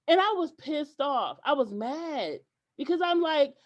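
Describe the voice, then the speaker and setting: A woman guest on a podcast, telling stories in an animated way and acting out what people said, with some hesitant restarts. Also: high voice, unhurried, muffled recording. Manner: animated, acts out quoted dialogue. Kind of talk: podcast interview storytelling.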